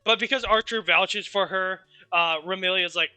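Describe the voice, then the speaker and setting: This is a man streamer telling a story recap in a loose, rambling way, with casual swearing along the way. His voice sits high and very bright, and the dry, close sound has faint music behind it. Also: normal speed, clear, resonant tone, dry recording.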